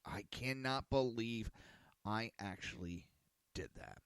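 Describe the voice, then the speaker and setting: A male podcast host who rambles through a casual rant, cursing freely and sounding exasperated. His voice sits fairly low. The recording is dry and close, with no room echo. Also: measured pace, fairly bright tone, clear, resonant tone. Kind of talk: casual ranting talk show.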